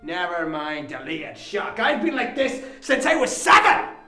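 A man acting out a bitter, volatile son unloading years of resentment on his father in a film drama. His voice sits high and swings widely between low mutters and sharp peaks. A roomy echo hangs around him, with faint music underneath. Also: sing-song, unhurried, heavily acted. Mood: anguished. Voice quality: profane, raw and volatile. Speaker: actor in a dramatic monologue.

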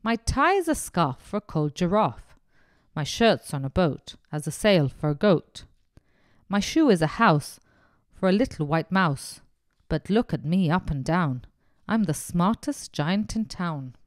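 A woman's voice: fairly low pitch, very animated, normal speed, dry recording, studio quality. A woman as a cheerful, proud giant. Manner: cheerful, sing-song.

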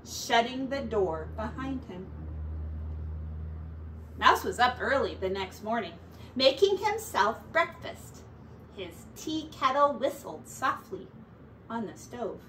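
A woman teacher reads a children's picture book aloud with expressive storytelling. Her voice is high and full of movement, at an unhurried pace. It comes from a distance over a faint hiss. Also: roomy sound. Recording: distant mic with faint background noise.

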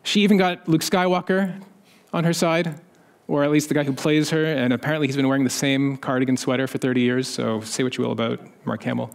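A man's voice: medium pitch, little pitch movement, fairly quick, vocal fry. A man speaking on a conference panel in a conversational way, with wry asides, lifting his voice when he quotes other people. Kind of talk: conference talk. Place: conference stage.

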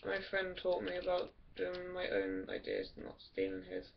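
A woman's voice: lowish voice, very animated, normal speed, gravelly, distant mic, a little hiss or hum. A woman giving casual, rambling game commentary, crude and swearing often. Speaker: gameplay commentator. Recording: dull lo-fi from off mic, loud music behind. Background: loud music.

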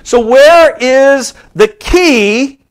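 Preacher, man, 50s, high-pitched voice, sermon delivery with animated rises and hushed asides. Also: drawn-out words. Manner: animated preaching, dropping to soft asides then rising high.

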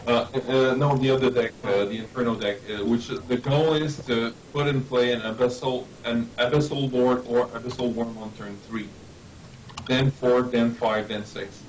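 Halting enthusiastic man, off-mic. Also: medium pitch, fairly even intonation, far from the mic, slight background noise, low-quality recording. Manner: halting, repeats words, enthusiastic. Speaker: game developer. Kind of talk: casual chat.

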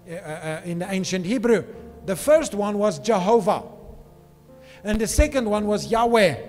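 A man preaching a sermon in a high, bright-pitched voice. He speaks with emphatic conviction and keeps checking in with his listeners. The sound carries a long hall reverb, with faint music underneath. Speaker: pastor. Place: church.

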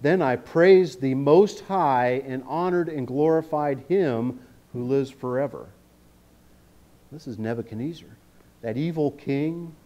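A man delivering a sermon in a church, mid-pitched and conversational. He reads scripture aloud, then breaks off to joke and check in with the congregation. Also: unhurried, mellow, highs cut off. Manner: conversational, jokey, often checks in with "okay?". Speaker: guest preacher. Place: church sanctuary.

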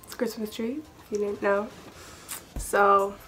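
A woman's voice: mid-range voice, flat delivery, measured pace, a bit bright, a little hiss or hum. A teenage girl telling a storytime vlog in a chatty, rambling way, full of asides and fillers. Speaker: vlogger.

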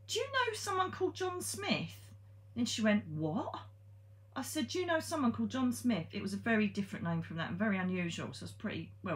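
A woman's voice: lowish voice, a bit bright. A woman, a psychic medium telling a ghost story in a chatty, blunt way, with frank swearing and many ums. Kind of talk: casual storytelling monologue.

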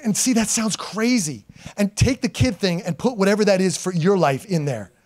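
A pastor in his forties preaching a sermon to his congregation, emphatic and animated, swinging from loud calls to hushed storytelling and laughing at himself. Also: high-pitched, normal speed. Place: church sanctuary.

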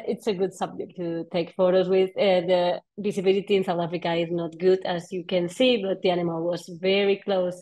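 A woman underwater photographer telling dive stories in a lively, casual talk, laughing often. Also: on the low side, poor audio. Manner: animated, laughs often, playful quoted voices. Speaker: underwater photographer giving a presentation.

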